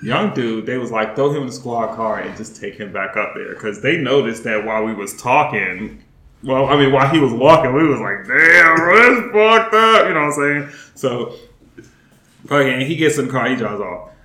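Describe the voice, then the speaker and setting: The roomy-sounding clip features a podcast host with a medium-pitched voice speaking at normal speed. Chatting casually, he tells a story with laughter and profanity in an animated retelling.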